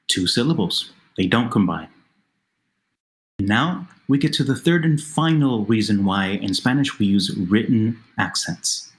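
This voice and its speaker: A man narrating a language lesson, explaining slowly and carefully and repeating words for the listener, over a noisy voice-over recording. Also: on the low side. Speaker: Spanish teacher. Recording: noisy narration with faint music.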